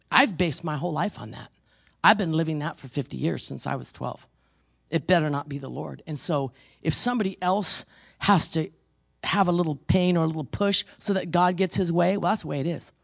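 A woman in her sixties preaching, rambling through personal stories and swinging from hushed to emphatic. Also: lowish voice, expressive, normal speed, gravelly, long pauses, no room sound, studio quality.

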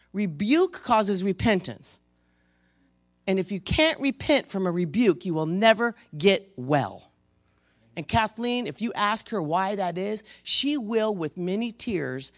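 A pastor preaching a sermon in church to the congregation, emphatic, swinging from loud rebukes to hushed intensity. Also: medium pitch, very animated, unhurried. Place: church service before a congregation.

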